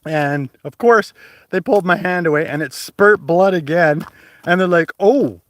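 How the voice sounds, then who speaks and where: A man livestreams from a mountain trail outdoors, talking into a phone held at arm's length. His voice sits a little high, and he rambles in a chatty way with restarts and laughs. He breathes hard from the climb. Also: normal speed, a bit bright, dry recording. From Canada. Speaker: hiking vlogger and livestream host. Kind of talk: casual livestream chat while hiking.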